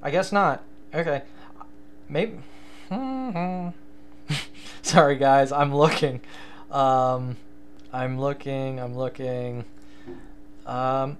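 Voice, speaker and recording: A man's voice: on the high side, very animated, takes it slowly, pauses often. A young man hosting a casual solo sports podcast, rambling and self-deprecating, with many fillers and restarts. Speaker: podcast host.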